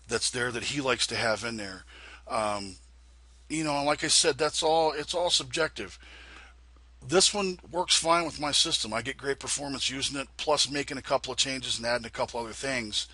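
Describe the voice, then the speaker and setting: A man's voice: medium pitch, sharp tone, husky. A man giving a casual screen-recorded tutorial, rambling and repeating himself with many ums and uhs as he explains settings. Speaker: flight sim tutorial maker.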